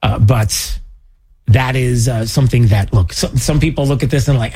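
A man's voice: mid-range voice, moderate pace, warm tone, breathy edge. A male radio talk show host, chatting casually and sarcastically with many fillers.

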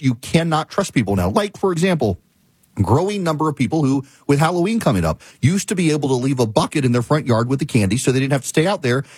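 A man hosting a talk show, telling a story in a ranting, animated way. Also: mid-range voice, breathy edge, dry recording. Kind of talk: casual monologue.

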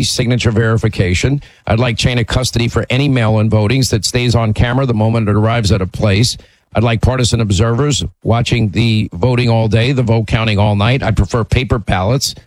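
A man's voice: mid-range voice, no room sound, poor audio. A man hosting a call-in talk radio show, speaking emphatically and conversationally from a studio mic.

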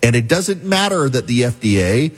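A man's voice: mid-range voice, big pitch swings, moderate pace, husky. A middle-aged man hosting a talk show, telling a story in an emphatic, wry monologue. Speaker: talk radio host.

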